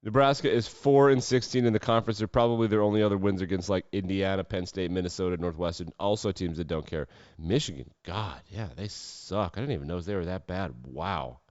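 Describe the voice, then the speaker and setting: Wry, sarcastic man with a low voice. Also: a little fast, a little mellow, dry recording. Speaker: sports podcast host. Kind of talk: casual sports commentary. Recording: dull lo-fi dry sound.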